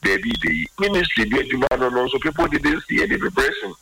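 A man's voice: mid-range voice, big pitch swings, fast, gravelly, bright, forceful tone, rough recording. A man commenting on current affairs in a radio talk discussion, switching between Twi and English and stating firm opinions.

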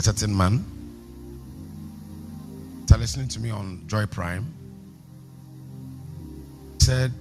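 A man's voice: lowish voice, takes it slowly, long pauses, over music. A man preaching a sermon as a pastor, emphatic and calling for responses from the congregation.

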